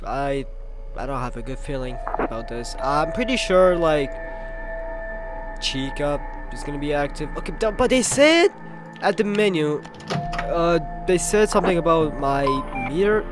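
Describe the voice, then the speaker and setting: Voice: mid-range voice, lively intonation, moderate pace. Gamer freaking out, stammers n swears, voice jumps all over, game music behind. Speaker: gameplay streamer. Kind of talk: horror game commentary.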